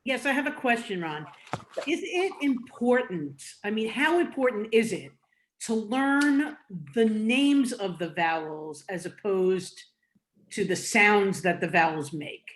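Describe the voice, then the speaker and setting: A woman's voice: medium pitch, animated, measured pace. A woman student asking a question in an online class, speaking carefully and searching for her words. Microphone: video call.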